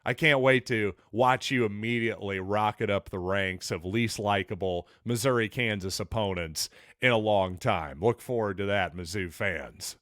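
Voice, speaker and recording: A man's voice: lowish voice, moderate pace, a bit bright. A man hosting a solo sports podcast, talking in an opinionated, conversational and wry way.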